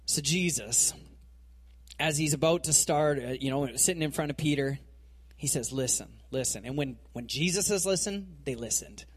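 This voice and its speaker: Husky, casual man preaching. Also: fairly high pitch, normal speed. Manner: casual, animated storytelling with frequent fillers. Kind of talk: conversational sermon.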